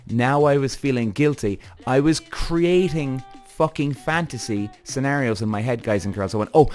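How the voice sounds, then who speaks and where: A man hosting a podcast in a casual monologue, animated, swearing freely and acting out his own thoughts. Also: medium pitch. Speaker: podcast host.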